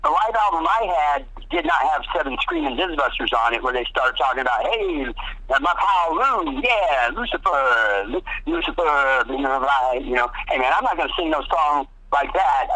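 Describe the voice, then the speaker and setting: A man's voice: on the high side, creaky, low-quality recording. A man telling studio stories in a casual interview, swearing freely and acting out what others said. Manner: animated, swearing, acts out quotes in other voices. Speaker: guest guitarist.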